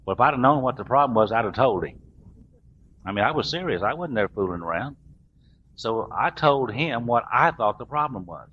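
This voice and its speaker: A man's voice: medium pitch, animated, fairly quick, breathy edge. A middle-aged man, telling his recovery story to a meeting in a folksy, self-mocking way. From US South. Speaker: recovering alcoholic speaker. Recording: dull lo-fi recording, faint room hiss.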